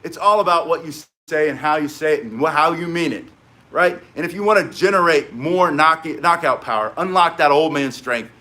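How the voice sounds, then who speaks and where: Male self-defense instructor, high-pitched, blunt, emphatic, for casual teaching talk. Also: moderate pace. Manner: emphatic, blunt, animated storyteller. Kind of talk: casual spoken teaching with stories.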